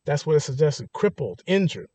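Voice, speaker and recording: A man's voice: a little high, sing-song, a little fast, warm tone, breathy edge, no echo. A man preaching a sermon, emphatic and rising to stress points, often restarting his words. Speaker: pastor.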